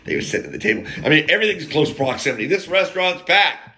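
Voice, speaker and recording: A man's voice: on the high side, animated, quick pace, bright, forceful tone. A man telling a rambling personal story in a blunt, crude way, drifting into side rants.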